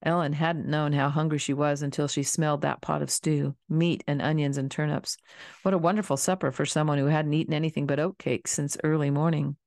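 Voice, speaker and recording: A woman narrating a children's novel in a calm, steady storybook reading. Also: deep voice, brisk, dry recording, studio quality. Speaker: audiobook reader.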